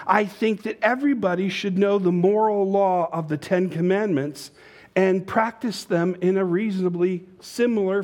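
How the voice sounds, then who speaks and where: Conversational male preacher, slightly high voice. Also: darkish tone. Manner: conversational preaching with joke-telling asides. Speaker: pastor. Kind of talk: sermon.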